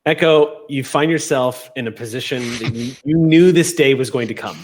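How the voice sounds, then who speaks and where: A man's voice: mid-range voice, moderate pace. Man narrating as game master. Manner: descriptive, cinematic scene-setting.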